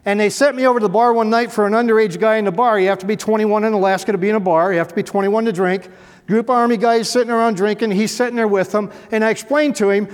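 In an echoey hall, a middle-aged man who once served as a police officer entertains an audience with humorous stories. His high-pitched voice is smooth and steady in tone, and he talks fast, with a folksy, dry, self-mocking wit.

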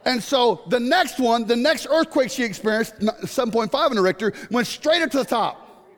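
A middle-aged man preaching a sermon, animated and jokey, breaking into sudden shouts. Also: very high-pitched, moderate pace. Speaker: pastor. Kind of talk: sermon with comic stories. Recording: long hall reverb.

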